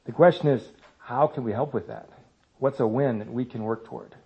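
This church talk on parenting comes from a man in his thirties whose medium-pitched voice moves briskly. He chats with the congregation and jokes at his own expense, and the recording has a slightly muffled lo-fi quality.

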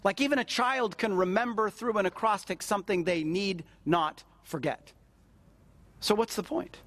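A man's voice: high voice, moderate pace, fairly bright tone. A middle-aged man, a pastor, preaching a sermon in a conversational way and repeating phrases for emphasis.

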